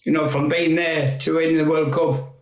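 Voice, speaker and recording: Man, 50s, guest storyteller, a touch high-pitched, rambling and sweary, roomy echo. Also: level tone, moderate pace. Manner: rambling, laughing, swears freely. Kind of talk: casual storytelling chat.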